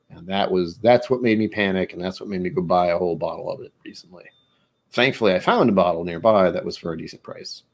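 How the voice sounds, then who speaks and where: Man, lowish voice, casual tasting vlog, rambling, self-deprecating. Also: vocal fry, darkish tone. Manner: stumbles when reading aloud. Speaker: whiskey channel host.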